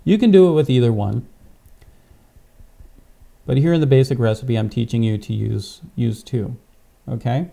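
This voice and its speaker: Brief: dark, gravelly male pastor, patient step-by-step instructor, clip-on mic. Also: mid-range voice, normal speed, long pauses. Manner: patient, step-by-step, frequent "okay?" check-ins. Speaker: pastor teaching tapping technique. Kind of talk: instructional demonstration. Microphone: clip-on microphone.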